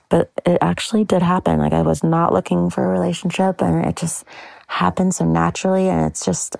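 A woman hosts a podcast with a low, gravelly voice full of vocal fry. She gushes as she talks about her own life, and her phrases often trail off into breathy whispers. The sound is dry and close, with no room echo. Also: a little mellow. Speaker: podcast host. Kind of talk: personal monologue.

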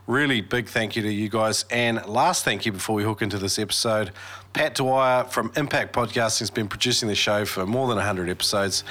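A man's voice: lowish voice, bright, forceful tone. A man hosting a podcast, chatty and upbeat with casual fillers. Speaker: podcast host. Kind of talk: casual podcast intro and ad reads.

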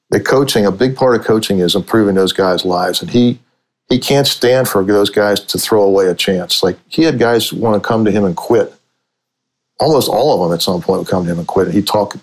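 A middle-aged man, a sportswriter and author, telling long anecdotes in a relaxed conversational way, restarting his sentences often. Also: lowish voice, rough recording. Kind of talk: conversational storytelling.

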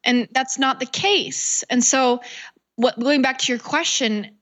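Woman, coach, casual interview guest; animated, chatty, acts out quotes. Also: sits high, a little slow. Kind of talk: podcast interview.

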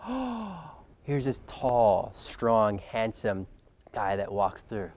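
A man's voice: mid-range voice, darkish tone, clear, resonant tone, dry recording. A man preaching a sermon in a conversational way, reading verses aloud and acting out quoted voices.

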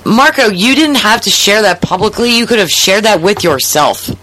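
A woman's voice: medium pitch, animated, normal speed, sharp tone, low-quality recording. A woman co-hosting a podcast, arguing bluntly and swearing a lot, indignant. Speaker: podcast co-host. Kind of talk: heated casual argument.

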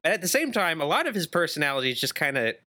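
A man's voice: a little high, big pitch swings, rapid-fire, sharp tone. A man chatting casually about a movie on a podcast, rambling and hedging with many fillers. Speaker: podcast co-host.

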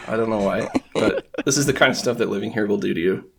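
A man's voice: on the low side, quick pace, gravelly, breathy edge. A man from the United States chatting casually on a podcast, rambling with lots of fillers. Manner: rambling, filler-heavy, self-deprecating.

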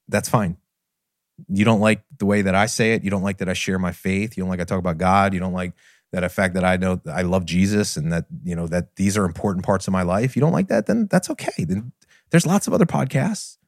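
A middle-aged man hosting a podcast, candidly retelling a personal story in an earnest, animated way. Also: on the low side, no echo, studio quality. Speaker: podcast host and business trainer.

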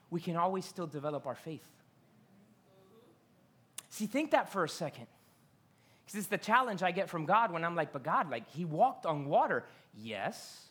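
A pastor preaching with a bright, forward tone, loose and conversational, full of "like" and quick asides. The voice leaps up loud for dramatic moments and drops to near-murmurs for emphasis. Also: breathy edge. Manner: casual, joking, fillers, dramatic reenactments; swings from loud highs to hushed lows. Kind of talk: sermon.

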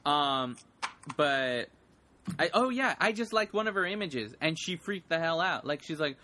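A man co-hosting a casual podcast, chatting excitedly. His pitch swoops all over the place, and his tone is bright and forceful. He retells moments with animated energy. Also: a little slow, a little hiss or hum. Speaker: podcast co-host. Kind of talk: casual chat.

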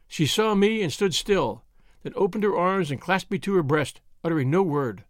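A man reading an audiobook in a measured, formal narrating style. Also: high voice, expressive, no room sound, clean studio sound. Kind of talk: scripted narration.

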